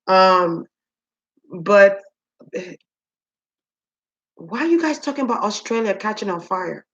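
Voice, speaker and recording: A woman giving a spiritual reading to her viewers, musing aloud with many pauses, ums and repeated words. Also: on the low side, a bit bright, dull audio. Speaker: spiritual reader. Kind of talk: psychic reading monologue.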